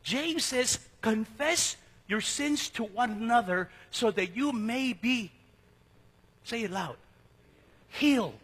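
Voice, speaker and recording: A middle-aged pastor preaches from the pulpit in a high, bright, slightly husky voice. His sermon style is conversational and jokey, dropping suddenly into a hush. The long reverb of a church sanctuary hangs around every word. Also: expressive, takes it slowly.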